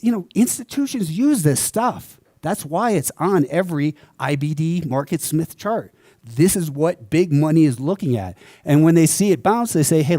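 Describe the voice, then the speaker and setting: A man's voice: on the high side, warm tone, dry recording, clean studio sound. A man giving a live conference talk as a trading educator, explaining charts in a conversational way and putting rhetorical questions to the audience.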